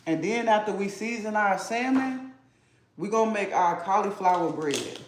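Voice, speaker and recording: Very high-voiced man, playful and hyped. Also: animated, normal speed, a little hiss or hum. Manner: playful, hyped, teasing chat. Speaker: livestream cooking host. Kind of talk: casual livestream chat. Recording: echoey room.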